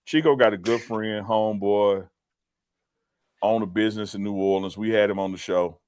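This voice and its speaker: A man co-hosting a casual live stream, joking and teasing his partner and stumbling over repeated words when he gets excited. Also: lowish voice, moderate pace, clean tone, no room sound. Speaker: podcast co-host.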